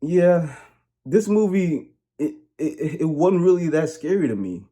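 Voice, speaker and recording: Man, comedic movie review, husky, lively swooping pitch, rambling jokey rant. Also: measured pace. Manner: animated, rambling, joking and ranting.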